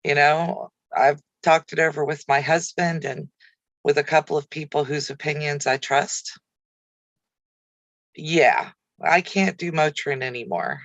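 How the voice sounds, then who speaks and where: A woman's voice: low-pitched, lively intonation, measured pace, fairly bright tone, no echo, muffled recording. Chatty woman answering live viewers. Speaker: craft channel host. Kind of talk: casual livestream chat with viewers.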